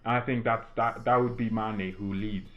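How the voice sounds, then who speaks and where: Recorded with lo-fi sound, a teenage American gamer and fan commentator rambles casually mid-game with frequent restarts and filler words. He speaks at a normal speed in a fairly low, steady voice.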